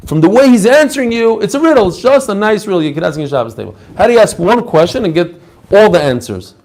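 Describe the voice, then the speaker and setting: Man, talmud lesson, fairly high voice, very lively intonation, acts out the answers. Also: fast talker. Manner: animated, mixes Hebrew and Aramaic terms, acts out quoted answers. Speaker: Talmud teacher. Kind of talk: lively Talmud class lecture.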